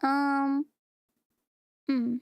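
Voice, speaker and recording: A woman VTuber streamer reacting to videos on a live stream, excitable and giggly. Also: high voice, extremely slow, dry recording.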